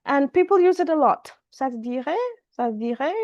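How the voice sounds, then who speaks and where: A woman's voice: sits high, lively intonation, brisk, no echo, muffled recording. A woman teaching French in an online class over a video call, repeating phrases and switching between French and English.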